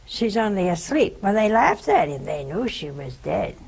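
An older woman gives a spiritual talk in a gravelly, husky voice. She tells a story with lively turns and acts out the voices of the people in it. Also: mid-range voice, normal speed, poor audio. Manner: storytelling, animated in quoted speech. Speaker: religious teacher.

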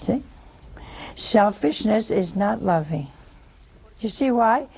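Slow, gravelly woman preaching a homily. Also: medium pitch, lively intonation, a little mellow, rough recording. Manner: folksy, teasing, asks the audience questions. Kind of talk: sermon.

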